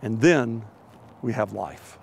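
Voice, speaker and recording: A man's voice: fairly low pitch, slow pace, creaky, darkish tone, a little hiss or hum. A middle-aged man preaching a sermon, telling a children's animal story with playful voices before turning to its lesson. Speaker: pastor.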